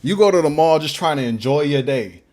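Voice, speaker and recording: A man's voice: a little high, animated, a little fast, darkish tone. A young man who makes beats, chatting casually in a livestream Q&A, slangy and rambling. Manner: laid-back, slangy, rambling. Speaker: beatmaker streamer. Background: faint beat playing.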